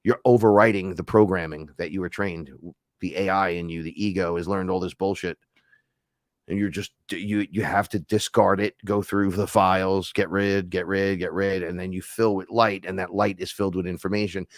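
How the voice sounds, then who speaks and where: A man's voice: deep voice, fairly even intonation, normal speed, dry recording, clean studio sound. A man hosting a live stream, telling a rambling, profane story in casual chat. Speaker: host.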